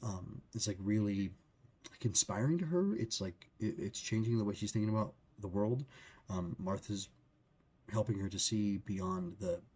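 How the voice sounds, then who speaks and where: Male book reviewer, low husky voice, rambling casual delivery full of fillers. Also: normal speed, darkish tone. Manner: rambling, with many fillers and restarts.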